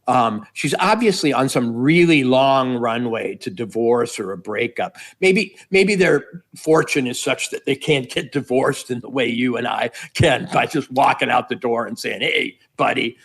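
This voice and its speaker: A man's voice: mid-range voice, expressive, normal speed, few pauses. A middle-aged man giving political commentary as a guest, wry and meandering, piling up repeated phrases.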